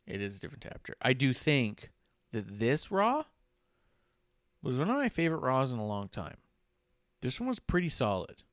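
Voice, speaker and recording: A man's voice: mid-range voice, moderate pace, pauses often, dry recording, clean studio sound. A man co-hosting a casual wrestling podcast, acting out wrestlers' lines in exaggerated voices. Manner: animated, acts out quotes in exaggerated voices. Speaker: podcast co-host. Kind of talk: casual chat recapping wrestling.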